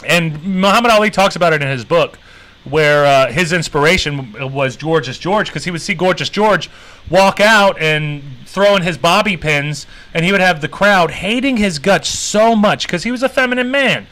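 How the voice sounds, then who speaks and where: A man with a bright, fairly high voice hosts a casual livestream, reacting out loud as he watches. He rambles, circles back on his own sentences and curses freely. He chats directly with the viewers in his chat as he goes. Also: poor audio. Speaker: livestream host.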